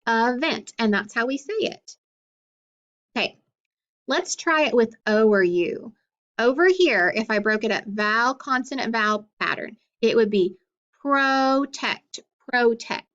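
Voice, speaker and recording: A woman's voice: fairly high pitch, animated, moderate pace, a bit bright, dull audio. A woman teacher giving a phonics lesson to young students, patient and questioning as she sounds out words.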